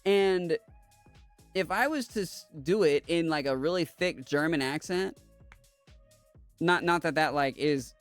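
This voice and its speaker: Male podcast host, casual gaming chat, rambly and emphatic, slightly high-pitched. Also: dry recording. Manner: rambling, emphatic, with restarts and swearing.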